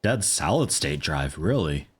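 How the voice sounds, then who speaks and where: A man's voice: rumbling low, sing-song, a little slow, slightly rough. A man streaming a game, chatting casually and joking with his viewers in a rambling way. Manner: rambling, joking asides to chat. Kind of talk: casual gameplay commentary.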